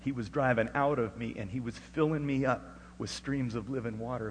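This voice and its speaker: Middle-aged pastor preaching in a hall. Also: male voice, mid-range voice, moderate pace, few pauses, noisy background. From Alaska. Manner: swings from hushed storytelling to loud, rising preaching. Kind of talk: sermon with personal testimony.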